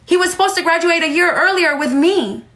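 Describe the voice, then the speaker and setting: A woman's voice: very high-pitched, brisk, a bit bright. A woman in her thirties talking heatedly on a livestream at home, emphatic and repeating herself. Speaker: livestreamer and mother. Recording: roomy echo.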